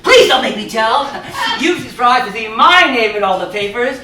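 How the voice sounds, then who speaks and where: A man's voice: extremely high pitch, expressive, normal speed, bright, forceful tone, slight background noise, heavily acted. A man voicing a bubbly nineteen-year-old daughter in a one-man stage reading, breathless and coaxing. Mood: chirpy coaxing. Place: theater stage, live audience. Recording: echoey theater from a distant mic.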